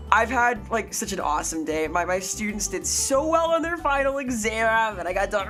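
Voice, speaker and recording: A young adult woman streaming live, chatting casually with viewers and getting excitable and sweary when thanking them. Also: mid-range voice, a little fast, hardly any pauses. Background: faint music.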